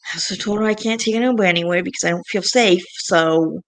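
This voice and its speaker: A woman's voice: fairly low pitch, quick pace, a bit bright, a little hiss or hum. A young woman vlogging, venting in a rambling, frustrated way with frequent sighs. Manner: frustrated, rambling, sighing often. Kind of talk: casual venting monologue.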